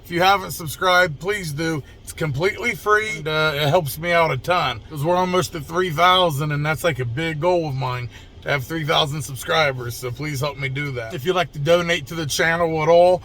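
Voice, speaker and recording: A man's voice: on the high side, moderate pace, sharp tone, a little hiss or hum. A young adult man, a mobile mechanic, casually telling a story to camera in a blunt, profane, conversational way. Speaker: mobile mechanic and channel host.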